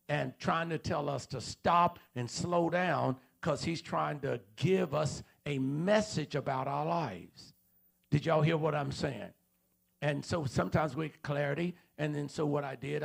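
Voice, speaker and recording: A man's voice: on the high side, gravelly, husky. A man preaching a sermon in a church auditorium, repeating questions and calling out to the congregation. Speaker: pastor.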